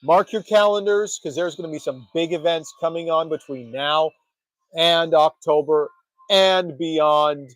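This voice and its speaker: A man's voice: on the high side, a little slow, fairly bright tone, no echo, rough recording. Rambling, foul-mouthed man hosting. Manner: rambling, profane, jokey. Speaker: podcast host. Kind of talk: casual chat.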